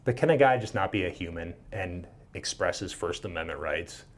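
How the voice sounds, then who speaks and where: A man's voice: deep voice, normal speed. A man in his thirties from Minnesota, a podcast guest telling a story casually, acting out the voices and swearing freely. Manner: animated, swears freely, acts out quoted dialogue.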